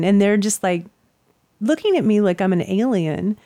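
A woman telling a story in casual chat, animated and swearing freely as she acts out what people said. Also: mid-range voice, fairly quick, no echo.

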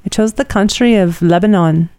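A woman's voice: medium pitch, normal speed, dark tone, clear, resonant tone, dry recording. A middle-aged woman, tired, co-hosting a casual chat and telling a rambling personal story. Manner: rambling and chatty, many fillers.

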